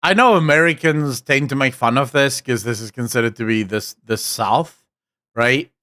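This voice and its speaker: A man's voice: mid-range voice, normal speed, bright, forceful tone, no echo. South African man's dry reaction commentary. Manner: enthusiastic, joking, swears casually. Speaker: streamer reacting to a video.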